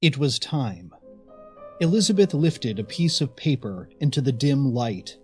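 A man narrating a story in a measured, expressive way. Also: medium pitch, soft background music. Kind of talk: audiobook narration.

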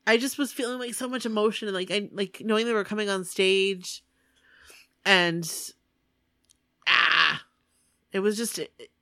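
A woman chatting casually with a friend, agreeable and full of "like" fillers and quick yeps. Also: medium pitch, fairly even intonation, sharp tone, no room sound, studio quality. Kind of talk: casual chat.

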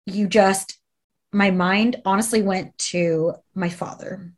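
A woman's voice: medium pitch, fairly even intonation, takes it slowly. A woman telling an emotional personal story in an interview, earnest and conversational, with fillers and restarts.

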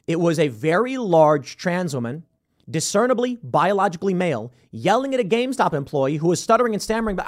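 A man hosting a political commentary show, talking in an animated, sarcastic, combative way. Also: high-pitched, fairly quick. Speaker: host.

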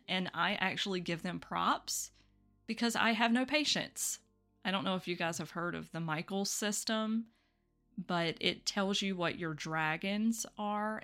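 A woman's voice: lowish voice, fairly bright tone. A woman hosting a solo spiritual podcast, talking candidly and reflectively, with little laughs between thoughts. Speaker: podcast host.

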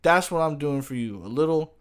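A man's voice: on the high side, animated, a little fast. A man and streamer ranting jokingly to camera in a casual, profane, slang-heavy way. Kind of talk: casual comedic rant to camera.

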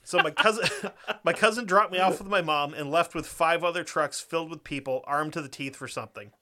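Young male podcaster, bright slightly high voice, profane casual ranter, story reader. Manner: profane, rants fast and laughs a lot. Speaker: podcast co-host.

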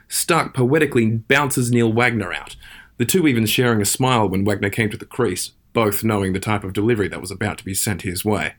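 A man's voice: medium pitch, fairly quick. A man giving a punchy, dramatic recap as a correspondent sending in a recorded report.

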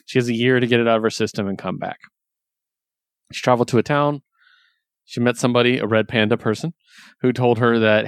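A man casually recapping a story, chatty and laughing often, quoting characters in quick voices. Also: medium pitch, fairly even intonation, no echo, clean studio sound. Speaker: comic book reviewer. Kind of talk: casual chat.

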